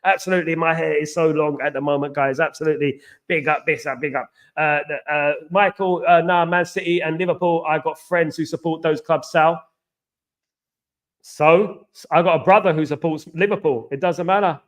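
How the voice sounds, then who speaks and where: An English man chats casually on a live stream, reading out viewer comments and answering them. He is animated and repetitive, full of banter and slang shout-outs. His voice sits a touch higher than most men's. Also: normal speed. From England.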